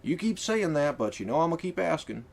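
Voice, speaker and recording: A man's voice: fairly high pitch, big pitch swings, quick pace, creaky, pitched above the performer's own voice, exaggerated voice. A man voicing a cheerful, folksy middle-aged colonel with a hearty, drawling way of talking. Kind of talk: audiobook character voice.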